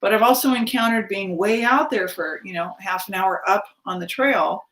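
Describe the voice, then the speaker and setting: A woman's voice: medium pitch, moderate pace, a bit bright, roomy sound. A woman in her fifties telling a personal story in a casual monologue, acting out the voices of the people in it. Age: 50s. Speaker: spiritual vlogger.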